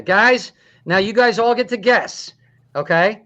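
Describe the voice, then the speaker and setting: Laughing comedy host, dull lo-fi sound. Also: male voice, high voice, unhurried, sharp tone. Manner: laughs often, wry running commentary. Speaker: comedy talk show host. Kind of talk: joking live show hosting.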